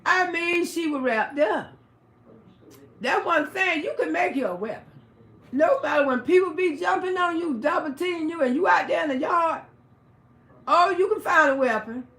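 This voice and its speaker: Livestream host, female, high bright voice, swears freely while she tells a story, echoey room. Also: moderate pace. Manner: profane, animated, emphatic retelling. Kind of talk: casual storytelling to a live audience.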